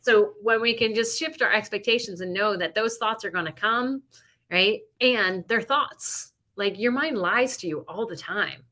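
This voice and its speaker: A woman's voice: medium pitch, a little slow, sharp tone. A middle-aged woman co-hosting a podcast, telling stories in a casual, rambling way with many likes and you knows. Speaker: podcast co-host. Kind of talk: casual chat.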